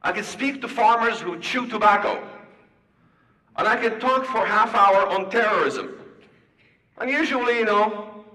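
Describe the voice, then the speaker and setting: A man with a high, bright voice gives an animated storytelling lecture. He leans on rhetorical questions and acts out dialogue. He sounds distant in a hall with long reverb. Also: normal speed, pauses often. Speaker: public speaker. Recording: echoey hall from far off.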